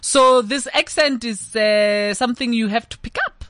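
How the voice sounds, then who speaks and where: A woman from the Free State with a South African accent, co-hosting a casual morning talk show in an outspoken, lively way. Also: fairly high pitch, moderate pace, dry recording. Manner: lively, outspoken, laughs often. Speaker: co-host. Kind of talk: casual chat.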